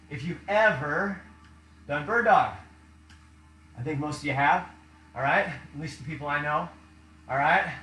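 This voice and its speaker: A man's voice: a little high, sharp tone, roomy sound, low-quality recording. Breathless upbeat man coaching a workout. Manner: counts reps aloud, upbeat cues, often asks "all right?". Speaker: fitness coach. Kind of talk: guiding a workout while doing it. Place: home workout room.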